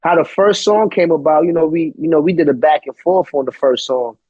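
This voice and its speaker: A man's voice: on the high side, a little fast, husky, no echo, narrow, tinny audio. A man from Brooklyn, a guest rapper talking casually in an interview, laid-back and profane, leaning on "you know what I mean". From Brooklyn, New York.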